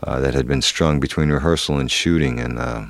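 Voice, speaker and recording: A middle-aged man with a very low voice recounts a story in an earnest, halting way. He restarts often and leans on fillers. The sound is dry and close. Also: vocal fry, no room sound. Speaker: actor guest. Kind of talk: candid interview storytelling.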